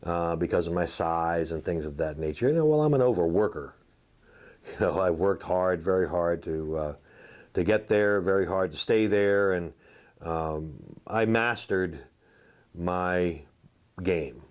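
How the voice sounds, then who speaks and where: A man and former football player telling salty, animated anecdotes in a casual interview, full of fillers. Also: low voice, unhurried. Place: outdoors at a golf tournament.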